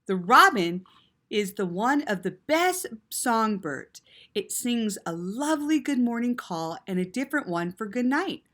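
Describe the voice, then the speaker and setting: Bright, lively woman reading to kids. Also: on the high side, unhurried. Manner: animated, with gasps and quiet asides. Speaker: storyteller reading to children. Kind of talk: children's read-aloud.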